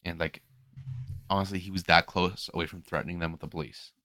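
A low-pitched man rattles through a story at a quick clip, casual and animated. He slips into mimicking the people he describes and swears freely. The sound is dry and close. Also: no room sound. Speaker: podcast host and pool lifeguard.

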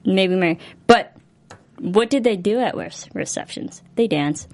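A young woman co-hosting a TV after-show in casual chat, upbeat and agreeable and quick to chime in. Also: lowish voice.

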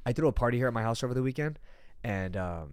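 A man's voice: medium pitch, quick pace, clear, resonant tone, no echo, clean studio sound. Laid-back male podcast host. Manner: relaxed, frequent agreeing backchannels, swears casually. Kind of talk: casual podcast chat.

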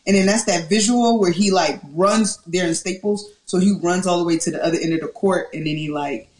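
A woman co-hosting a casual sports chat, telling stories with lively acted-out quotes. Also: lowish voice, a little fast, echoey room. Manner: animated storyteller who acts out quotes.

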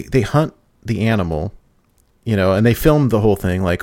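A man casually telling a long story on a podcast, excited and laughing as he goes, often acting out quotes. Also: fairly low pitch, moderate pace, no room sound, clean studio sound. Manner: animated storytelling, laughs, mimics people in quotes. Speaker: podcast host.

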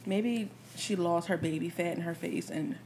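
A woman's voice: on the low side, normal speed, a little mellow, slight background noise. A woman co-hosting a podcast in casual chat, teasing and blunt. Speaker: podcast co-host.

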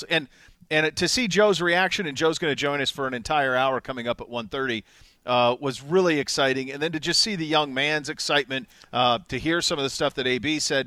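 A man co-hosting a sports talk show, speaking with emphatic, excitable energy and repeating words for stress. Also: mid-range voice, dry recording, clean studio sound. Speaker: sports radio co-host.

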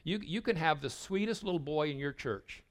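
An older man giving a sermon at a retreat, telling stories and stumbling over repeated words as he begins a thought, sometimes dropping to a hushed voice. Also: on the high side, lively intonation, moderate pace. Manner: storytelling, dropping to a hushed voice for tender moments. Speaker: retreat speaker.

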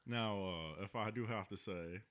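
A man's voice: lowish voice, normal speed, voice pushed down, natural voice. A man voicing a proud, folksy Southern cowboy with a drawl and a habit of saying "if I do say so myself", on dull lo-fi audio.

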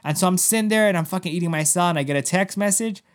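Animated, profane man telling a story. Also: sits high, racing, noisy background. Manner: animated, profane, acts out other people's lines. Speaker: podcast co-host. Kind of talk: casual storytelling chat.

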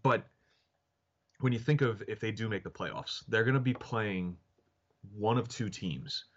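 A man with a lowish voice co-hosts a casual sports podcast, speaking unhurriedly in an opinionated way, hedging with plenty of fillers. The highs are cut off in the recording.

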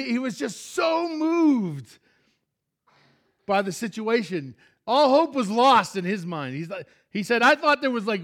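A middle-aged male pastor giving a sermon, telling a folksy story that keeps surging into excitement. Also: fairly high pitch.

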